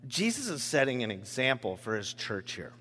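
A man preaching a sermon as pastor, in a conversational, animated manner with many restarts. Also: medium pitch, normal speed. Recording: echoey hall with long reverb.

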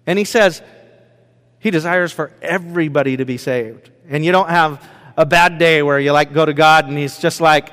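A man preaching in a relaxed, conversational way, telling a personal story with lots of fillers and acted asides. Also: a little high, moderate pace. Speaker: pastor. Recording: long hall reverb.

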